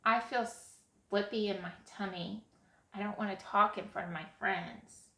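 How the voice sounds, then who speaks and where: Woman voicing a shy, quiet storybook boy, unhurried, in an echoey room. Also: mid-range voice, fairly even intonation. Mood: gentle. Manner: soft and hesitant.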